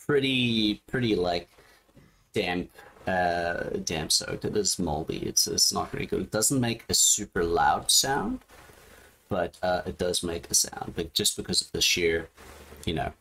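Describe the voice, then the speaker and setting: A man running a tabletop game as game master, describing scenes in a halting way over a voice call. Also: low voice, lively intonation, creaky, pushed and bright. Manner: halting, with many restarts and fillers.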